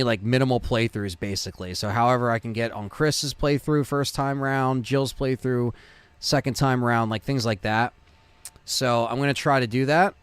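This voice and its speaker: A man's voice: medium pitch, smooth, dry recording. A man hosting a gaming livestream, rambling through thanks to viewers and plans for the next streams, with the hiccups and lots of fillers. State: has the hiccups. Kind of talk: casual stream sign-off chat.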